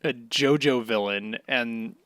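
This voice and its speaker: A man co-hosting a casual podcast, excitable and swearing often as he reacts to an episode. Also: medium pitch, slow, clean tone, no room sound. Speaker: podcast co-host. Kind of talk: casual chat.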